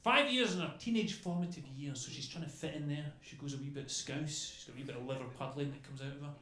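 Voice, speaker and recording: Chatty stand-up with a bright voice. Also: male voice, fairly high pitch, fast talker. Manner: rambling, chatty, peppered with "okay?" and "you know". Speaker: stand-up comedian. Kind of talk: stand-up comedy set. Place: comedy club stage. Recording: echoey club room with faint noise.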